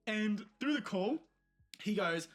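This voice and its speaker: A young man co-hosting a podcast, telling stories in casual chat, animated and laughing, swearing freely. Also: high-pitched, slow, soft background music. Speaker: podcast co-host.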